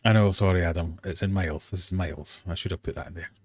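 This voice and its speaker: A man's voice: sits low, steady tone, fast, no echo, studio quality. A man hosting a casual live-streamed quiz for fishkeepers, chatty and jokey with self-deprecating asides. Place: home fish room.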